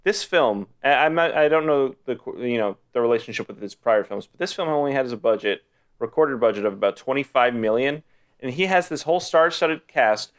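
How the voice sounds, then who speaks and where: A man co-hosting a casual podcast about films, eager and excitable, talking in bursts. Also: medium pitch, fairly quick. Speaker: podcast co-host. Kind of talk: casual chat about movies.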